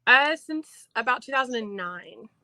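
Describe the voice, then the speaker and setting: A woman in her twenties with an Appalachian accent, a guest in a casual interview who talks fast, enunciates carefully and laughs easily. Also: on the high side, lively intonation, bright, forceful tone, rough recording. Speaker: guest, infant toddler teacher and theater director.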